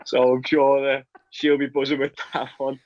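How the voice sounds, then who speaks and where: A man's voice: mid-range voice, flat delivery, moderate pace, a little mellow, highs cut off. Chatty young man, Liverpool accent. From England, Liverpool. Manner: chatty, laughs often, repeats words. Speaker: football player. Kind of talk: casual interview chat.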